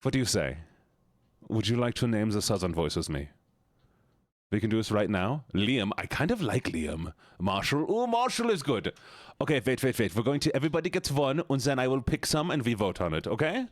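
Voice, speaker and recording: A man's voice: medium pitch, sing-song, brisk, dry recording, studio quality. A man chatting casually with his live-stream viewers, playful and jokey, slipping in and out of put-on accents and silly voices. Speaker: livestreamer.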